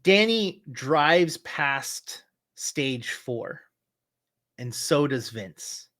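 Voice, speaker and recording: Slow-talking male game master. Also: medium pitch, expressive, fairly bright tone. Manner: slow, searching narration with fillers and restarts. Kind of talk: narrating a tabletop game.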